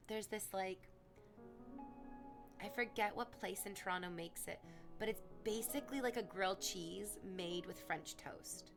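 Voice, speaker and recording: A woman livestreamer talks casually to her chat, her thoughts rambling from one to the next. She gushes and sometimes slips into cooing baby talk. Music plays clearly in the background. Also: mid-range voice, measured pace.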